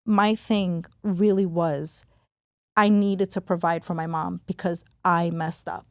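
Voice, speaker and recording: A woman's voice: on the low side, fairly even intonation, takes it slowly, dry recording, clean studio sound. A woman guest on a podcast, speaking candidly and earnestly in a conversational interview, stressing words as she reflects.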